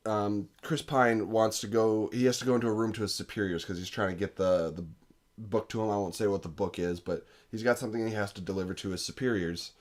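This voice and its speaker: Excitable young man reviewing movies. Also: a little fast. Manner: enthusiastic, acts out quotes with big pitch jumps. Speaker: podcast co-host. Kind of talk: casual movie review chat.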